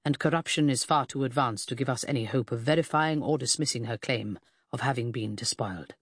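A woman's voice: rumbling low, fairly quick, husky, no room sound, clean studio sound, pitched below the performer's own voice. A woman voicing a stern, pedantic middle-aged male detective who speaks in curt, clipped, precise phrases in an audiobook. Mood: clinical. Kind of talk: audiobook character voice.

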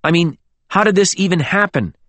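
A man voicing a sharp, sardonic and volatile young man who snaps and mocks. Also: high voice, lively intonation, moderate pace, no echo, pitched above the performer's own voice. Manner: sharp, mocking.

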